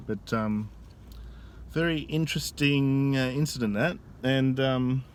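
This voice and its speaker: A man telling a story in a casual vlog, speaking into a phone camera outdoors in a busy tourist area. He talks in a rambling, halting way with frequent restarts. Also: mid-range voice, smooth. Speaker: vlogger.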